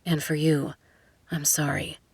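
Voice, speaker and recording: Woman doing a soft-spoken young rich guy, low and hushed, dry sound. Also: moderate pace, no echo. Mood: tender. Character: billionaire young man, guarded, tender.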